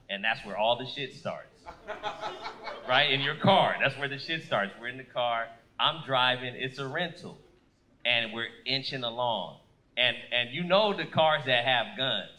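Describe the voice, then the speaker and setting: A man doing a stand-up comedy set on a club stage, loud and animated, shouting his punchlines into a handheld mic. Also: medium pitch.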